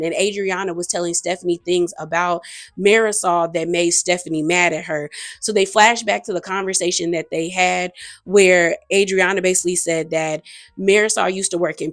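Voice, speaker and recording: A woman's voice: lowish voice, no echo. A woman chatting through a reality TV episode recap, gossipy and opinionated, acting out quotes from the cast. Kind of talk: casual recap commentary.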